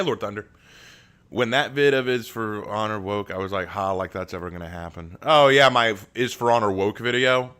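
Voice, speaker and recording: Lively, bright-voiced male streamer. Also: medium pitch. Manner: animated, joking, rambling with frequent repeats. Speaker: live streamer. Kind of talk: live stream reaction, reading chat.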